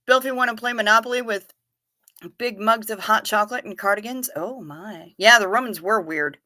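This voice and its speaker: A woman's voice: medium pitch, a little fast, sharp tone, dry recording, clean studio sound. A woman hosting a live stream, chatting casually as she reads viewer comments aloud, wry and given to swearing and giggling.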